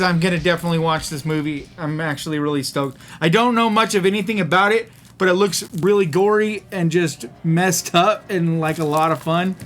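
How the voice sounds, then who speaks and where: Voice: mid-range voice, a bit bright. Vlog host, casual and upbeat, laughs easily, mid-range voice, faint music underneath. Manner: chatty and upbeat, laughs at own jokes. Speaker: host of an unboxing video channel.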